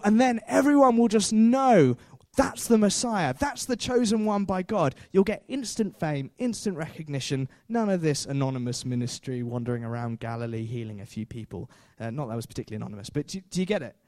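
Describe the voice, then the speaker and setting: A man's voice: a little high, expressive, a little fast, few pauses, darkish tone, no room sound, studio quality. A man preaching a sermon in a chatty way, with self-deprecating jokes and frequent fillers.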